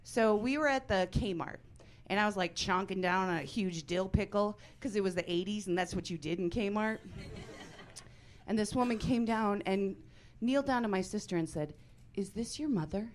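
A woman in her forties performing a stand-up comedy set on a club stage, with a deadpan, punchy delivery and sudden loud bursts. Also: medium pitch, moderate pace.

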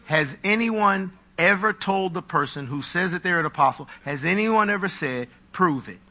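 A male pastor preaches a live sermon at normal speed in a high, ringing voice that is very bright and forceful. He works the congregation with animated delivery and plenty of humorous, mocking asides.

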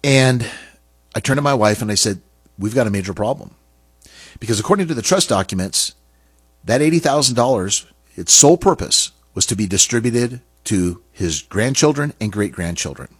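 Middle-aged man, husky low voice, dry close sound, earnest halting storyteller. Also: lively intonation, dry recording. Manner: earnest, halting, with restarts and pauses. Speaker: speaker sharing a personal story. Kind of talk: personal storytelling talk.

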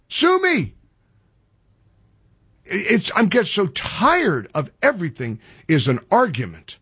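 A talk radio host delivers an exasperated, sarcastic rant. His voice sits high for a man and swings widely in pitch. It has a husky edge and sounds dry and close to the mic. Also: fairly bright tone, no echo. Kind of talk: opinionated talk radio monologue.

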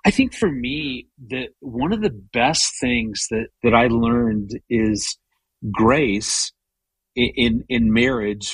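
Husky middle-aged man telling a story. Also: mid-range voice, no room sound. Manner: storytelling, animated with many restarts. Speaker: guest. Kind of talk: casual conversation.

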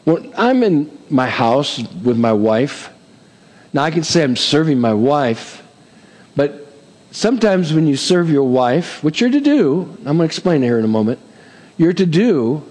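A man's voice: on the high side, very animated, a little slow, a little mellow, in a large hall, rough recording. A male pastor preaching a sermon in a conversational way, asking "amen?" and slipping in light humor.

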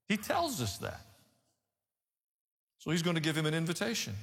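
A man preaching a sermon, telling the story in an animated, emphatic way with rhetorical asides. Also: a little high, moderate pace, long pauses. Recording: long hall reverb.

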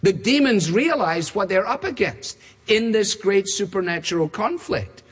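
Man, preacher, sermon, emphatic repeated phrases, husky, large church, long hall reverb. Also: sits high, expressive, measured pace.

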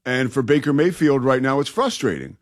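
A man's voice: medium pitch, very animated, brisk. A man co-hosting a sports talk radio show, emphatic, stretching key words and laughing easily.

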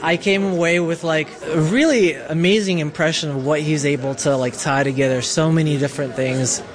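A man's voice: on the high side, fairly even intonation, moderate pace. A man from a show's audience talking hesitantly with many fillers in a vox pop interview. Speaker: audience member.

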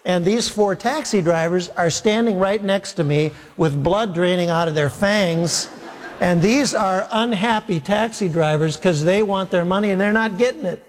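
Give me a man preaching, with an animated, wry storytelling voice and a long reverb. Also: high-pitched, moderate pace. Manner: animated, wry anecdotal delivery. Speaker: pastor. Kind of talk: humorous storytelling sermon.

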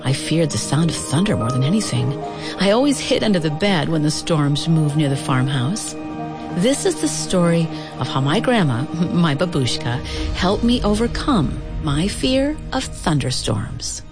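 A woman reading a children's picture book aloud with expressive, lilting storytelling. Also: low voice, unhurried, music in the background. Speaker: storybook reader.

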